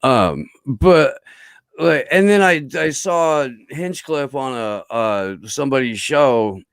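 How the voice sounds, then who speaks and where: A man's voice: medium pitch, lively intonation, takes it slowly, clean tone, dry recording. A man telling a long story in a rambling, profane way with lots of fillers, as a podcast guest in casual chat.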